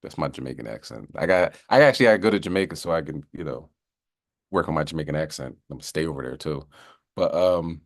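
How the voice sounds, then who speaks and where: A man's voice: rumbling low, lively intonation, fast. A man teaching a casual Bible class in a loose, chatty way, often asking "you know what I mean" and slipping into joking voices to act out sayings.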